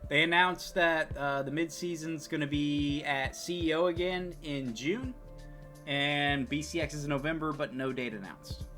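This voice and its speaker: A man co-hosting a casual gaming podcast, animated, laughing often, his volume swinging from loud bursts to mumbled trailing words. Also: a little high, moderate pace, faint music behind. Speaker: podcast co-host. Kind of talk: casual chat.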